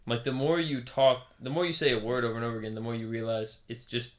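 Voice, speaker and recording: A man's voice: mid-range voice, level tone, quick pace. A young man with a mid-range voice co-hosts a podcast in easy chat. He talks in a wry, opinionated way. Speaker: podcast co-host. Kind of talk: casual chat.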